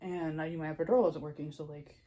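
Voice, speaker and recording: Chatty young woman, mellow voice. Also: deep voice, fairly even intonation, fast talker, low-quality recording. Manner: chatty, lots of "like", re-enacts her own panicked lines. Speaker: new mother telling her birth story. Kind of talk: casual storytelling vlog.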